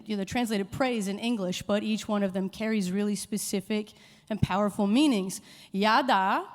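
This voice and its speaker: Playful woman quizzing a church crowd. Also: mid-range voice. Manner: playful, quizzing the audience, animated. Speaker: worship leader giving a short church talk. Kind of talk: informal sermon with audience call-and-response. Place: church hall with a live congregation. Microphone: handheld microphone. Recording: long hall reverb.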